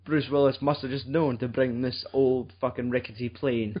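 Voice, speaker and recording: A young Scottish man hosting a casual film review chat, rambling and swearing in a deadpan way. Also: medium pitch, moderate pace, husky, dull audio. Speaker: podcast host.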